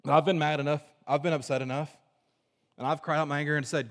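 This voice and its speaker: A man preaching a sermon to a congregation, moving between forceful emphasis and hushed, low passages. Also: steady tone, quick pace. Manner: dynamic preaching, swinging from loud emphasis to hushed low tones. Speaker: pastor. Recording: long reverb of a large hall.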